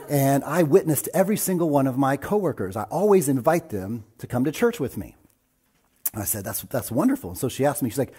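A male pastor preaching a sermon, his voice husky and mellow. He talks earnestly and presses hard on his key points. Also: medium pitch, expressive, fairly quick.

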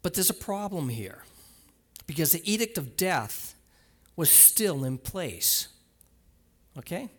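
A pastor preaching a conversational sermon, retelling scripture in a casual storytelling way and speaking straight to the congregation with many restarts and asides. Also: male voice, fairly high pitch, big pitch swings, slow pace, pauses often, a bit bright, husky.

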